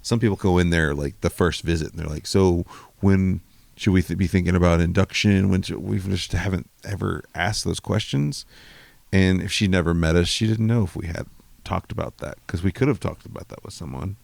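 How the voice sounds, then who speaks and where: A man's voice: deep voice, fairly even intonation, fairly quick, creaky, no echo. A man co-hosting a podcast from a bedroom at home, explaining things patiently and thinking aloud in casual chat. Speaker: podcast co-host.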